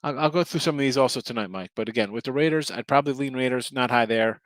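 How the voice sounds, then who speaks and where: A tired middle-aged man rambles through a casual betting chat with viewers and keeps correcting himself. His voice sits at an ordinary middle pitch and sounds dry and close, with no room echo. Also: fast talker, a bit bright. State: tired, yawning. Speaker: sports betting show host.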